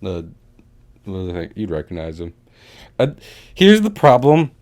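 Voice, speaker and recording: Low-voiced young man in lively casual chat. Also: normal speed. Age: young adult. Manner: rambling, joking, puts on mock English accents. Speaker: podcast co-host.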